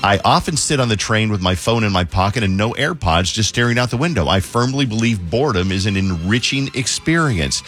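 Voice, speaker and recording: A man's voice: lowish voice, animated, brisk, few pauses, fairly bright tone, husky, faint music behind. A man hosting a casual group chat, reading out listener notes with a playful, mock-exasperated manner.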